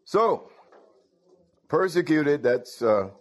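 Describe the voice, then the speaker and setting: A man's voice: on the high side, expressive, extremely slow. A man preaching a sermon in a conversational way, often putting questions to his congregation.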